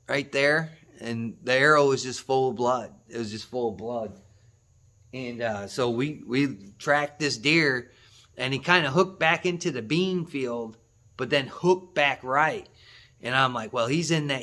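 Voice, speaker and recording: A man hosting a hunting channel, telling a story to the camera in a rambling, excitable way, with laughs and restarts. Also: mid-range voice, a little slow.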